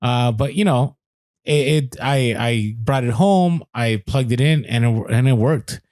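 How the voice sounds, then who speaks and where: A man's voice: mid-range voice, unhurried, a little mellow, no echo, clean studio sound. A man co-hosting a casual reselling podcast, chatty and full of fillers and restarts. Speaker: podcast co-host.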